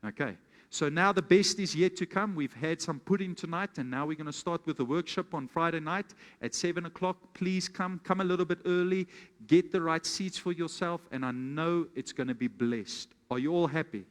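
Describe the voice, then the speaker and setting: Pastor preaching in a big hall. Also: male voice, on the high side, moderate pace. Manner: calls out questions to the congregation; tells a storytelling example. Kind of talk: sermon. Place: church hall with congregation. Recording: long reverb of a church hall.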